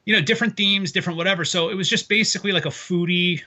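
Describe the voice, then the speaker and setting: A man's voice: sits high, very fast, sharp tone. A man, a comedian, chatting casually and telling rambling stories with some swearing. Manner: loose storytelling with swearing. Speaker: comedian guest. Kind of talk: casual podcast chat.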